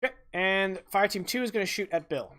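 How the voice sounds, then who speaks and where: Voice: medium pitch, expressive, a little fast, bright, forceful tone. A game master running a tabletop game in a casual way, narrating actions and dice results for the players.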